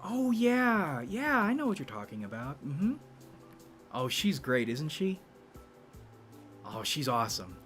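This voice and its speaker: A man putting on a chirpy, high-pitched small-talk persona that gushes and eagerly agrees. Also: very animated, slow pace, pauses often, a bit bright, soft background music, exaggerated voice. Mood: bubbly. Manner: gushing, sing-song, eager agreement.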